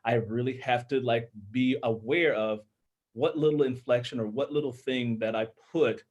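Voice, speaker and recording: A man's voice: mid-range voice, fairly even intonation, normal speed, darkish tone. Man, from Minnesota, tenor voice, earnest, explanatory, casual panel chat, video call. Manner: earnest, explanatory, with filler-laden restarts. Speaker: author and audiobook narrator.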